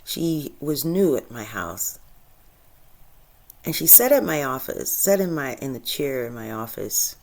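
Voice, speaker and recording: Low-pitched lady doing a spiritual talk, emotional, laughs a lot, gets soft then loud. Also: sing-song, unhurried. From Michigan. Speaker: spiritual channel host. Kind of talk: casual inspirational monologue.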